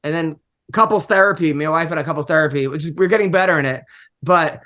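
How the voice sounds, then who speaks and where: Middle-aged comic host, high bright voice, rambling animated storyteller on a podcast. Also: male voice, fast. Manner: animated, rambling, laughs often. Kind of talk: casual podcast chat, storytelling.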